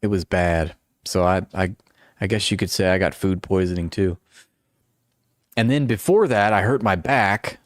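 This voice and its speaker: This livestream host is a man in his forties whose casual chat rambles, turns self-deprecating and restarts many times. He speaks at normal speed in a low-pitched voice, with no echo and clean studio sound from noise-canceling headphones.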